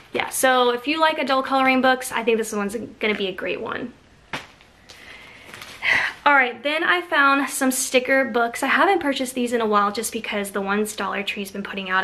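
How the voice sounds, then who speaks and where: A woman in her thirties talks through a shopping haul in a casual, gushing way, thrilled by each find. Her voice sits a little on the high side, with a faint hiss of noise underneath. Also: sharp tone. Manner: gushing, enthusiastic. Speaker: haul vlogger. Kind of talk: casual show-and-tell haul.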